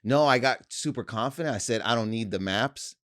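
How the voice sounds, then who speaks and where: A man's voice: mid-range voice, a little fast, fairly bright tone, no room sound, studio quality. A man co-hosting a comedy podcast, telling rambling stories in casual chat and laughing often. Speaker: podcast co-host.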